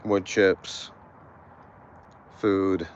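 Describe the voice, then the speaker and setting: A weary man with a low voice talks slowly and haltingly through a casual livestream, stumbling over his words and leaning on fillers. He is outdoors by a cat shelter. The phone audio is dull and lo-fi, with faint noise behind him. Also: steady tone. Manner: halting, many fillers and restarts. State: tired. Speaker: animal rescue volunteer.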